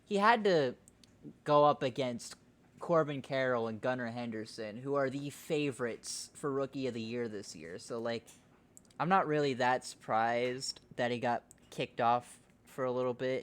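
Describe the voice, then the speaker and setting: A man hosting a casual podcast, with a voice of ordinary middle pitch. He rambles loosely, drops swear words, and laughs easily. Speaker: podcast host. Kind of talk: casual chat.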